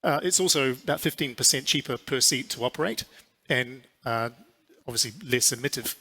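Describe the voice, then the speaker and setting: Bright-voiced New Zealand man, businesslike. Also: mid-range voice. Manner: measured, businesslike, with frequent fillers. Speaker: airline CEO. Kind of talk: conference interview.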